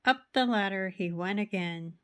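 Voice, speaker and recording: A woman's voice: medium pitch, moderate pace, clear, resonant tone. A woman reading a children's picture book aloud, rhythmic and playful with sound words. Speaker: storybook reader.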